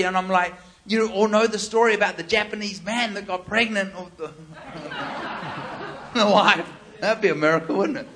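A man preaching, telling a lively story and acting out the quoted lines with laughter. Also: high-pitched. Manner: animated, laughing, acts out quotes. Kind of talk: storytelling sermon.

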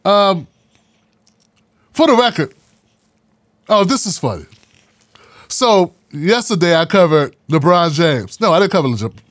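A man's voice: high voice, fairly bright tone, no echo. A man hosting a casual commentary monologue, talking in a sarcastic, mocking, slangy way. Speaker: political commentary host.

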